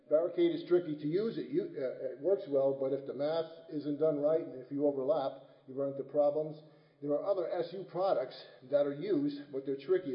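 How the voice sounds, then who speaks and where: A man lecturing at a conference in an easygoing, joking manner, checking in with his listeners and stumbling into restarts now and then. His voice sits at an ordinary middle pitch. The recording is a bit dull and carries the echo of a large room. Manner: folksy, joking, many restarts and tag questions. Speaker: turfgrass lecturer. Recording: dull, roomy hall recording.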